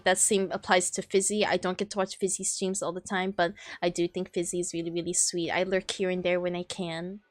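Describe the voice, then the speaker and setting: A woman's voice: medium pitch, fairly bright tone. A young woman vtuber chatting casually on a live stream, flustered and rambling, with lots of restarts and apologies. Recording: faint music behind. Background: faint background music.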